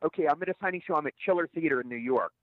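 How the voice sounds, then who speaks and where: A middle-aged man, an actor guest, telling stories in an interview in a rapid, stammering way with repeated words. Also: on the high side, no echo. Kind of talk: storytelling interview answers. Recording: tinny phone line, dry.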